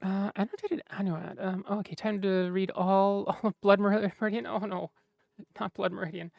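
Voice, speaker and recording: Woman, streamer, casual chat, rambling, fillers, mid pitch. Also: steady tone, moderate pace, gravelly, darkish tone, dry recording, studio quality. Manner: rambling, lots of fillers and mumbling while searching. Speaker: streamer chatting with viewers.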